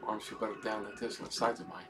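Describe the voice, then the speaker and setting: A man's voice: on the low side, little pitch movement, rapid-fire, background noise. A man giving casual gameplay commentary, swearing and muttering to himself as he plays. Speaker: gaming YouTuber. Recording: game music playing loudly behind.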